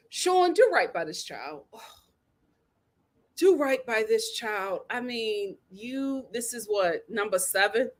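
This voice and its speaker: A woman hosting a casual reality TV recap, sassy and animated, laughing as she acts out what people said. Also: on the high side. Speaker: host.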